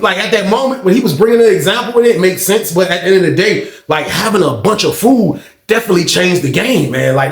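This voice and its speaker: A man telling a story in a casual, slangy way, acting out the dialogue as he goes. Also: sits high. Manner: animated, slangy, acts out dialogue. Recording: echoey room.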